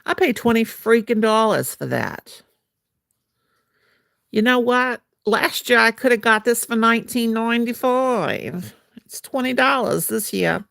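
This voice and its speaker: A woman's voice: on the high side, animated, measured pace, vocal fry, a bit bright, no echo, studio quality. A woman hosting a crochet livestream from home, chatting playfully and slipping into sing-song as she works. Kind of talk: casual livestream chat while crocheting.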